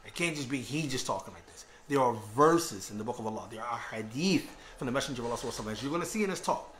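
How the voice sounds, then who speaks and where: A man lecturing on religion in an earnest, conversational way, pausing to ask his listeners if they follow. He talks at a quick clip. A faint hiss sits under the recording. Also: mid-range voice, expressive, fairly bright tone. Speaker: Islamic lecturer.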